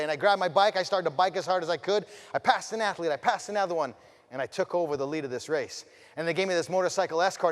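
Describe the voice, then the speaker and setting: A man delivers a motivational keynote in a large hall, and the long reverb trails after his words. His voice sits a little high for a man. He swings between fired-up, loud bursts and quiet, intimate stretches while he asks the crowd direct questions. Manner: addresses the audience directly with questions. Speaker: motivational speaker. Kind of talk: storytelling keynote speech.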